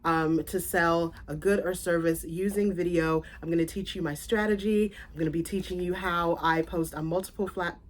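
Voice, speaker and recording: Chatty, animated woman vlogger. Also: on the low side. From South Florida. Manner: chatty and animated, often laughing and correcting herself. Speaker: content creator. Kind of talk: casual vlog chat.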